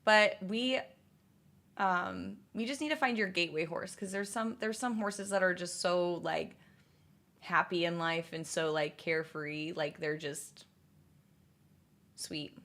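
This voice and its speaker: A woman's voice: fairly low pitch, measured pace, fairly bright tone. A young woman streaming, chatting casually and answering viewers' messages, rambling with many fillers and restarts. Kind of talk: casual livestream chat.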